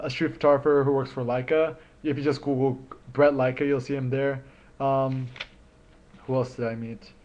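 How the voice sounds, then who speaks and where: Young male vlogger, mid-pitch, chatty and rambling, enthusiastic, lo-fi recording. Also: darkish tone. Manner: rambling, enthusiastic, many ums. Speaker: photography vlogger. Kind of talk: casual vlog talk. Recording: slightly dull lo-fi sound.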